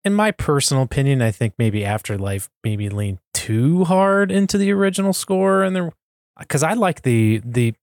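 A man's voice: medium pitch, expressive, normal speed, a little mellow, no room sound, studio quality. A man chatting easily on a podcast, laughing often. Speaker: podcast guest. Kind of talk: casual podcast chat.

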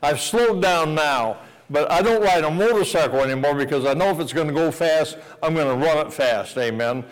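A preacher man at a revival meeting, spinning a folksy personal story and pressing the crowd with "amen?". His voice sits a little high. It rings out with a long church-hall reverb. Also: moderate pace, hardly any pauses.

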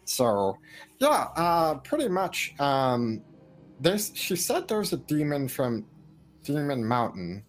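A man's voice: a little high, sing-song, takes it slowly. A man playing a tabletop game, talking casually and rambling with many fillers and restarts. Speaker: player.

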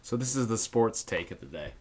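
Man, lowish voice, wry co-host, casual chat. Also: expressive, fairly quick, a little mellow.

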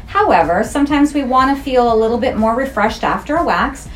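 A middle-aged woman with a slightly high voice talks in a chatty, frank way. She explains her work as an esthetician with easy humor. A faint noise sits behind her. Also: lively intonation, fairly quick. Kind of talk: casual interview.

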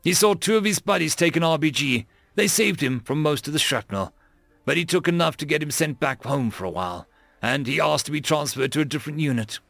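Man voicing a somber, measured Marine. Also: a little high, expressive, creaky, a bit bright, no room sound, full character voice. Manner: measured, explaining. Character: sober male Marine, quietly reflective.

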